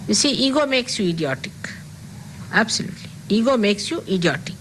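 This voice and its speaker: A woman's voice: medium pitch, big pitch swings, a little fast, a bit bright, a little hiss or hum, poor audio. An older woman speaking as a spiritual teacher, giving an emphatic talk to an audience and repeating key phrases.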